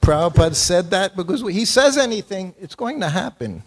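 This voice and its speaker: A man's voice: a little high, expressive, normal speed, few pauses. A man in his seventies giving a morning temple class, telling personal stories in an anecdotal, self-deprecating way and chuckling often. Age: 70s. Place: temple hall.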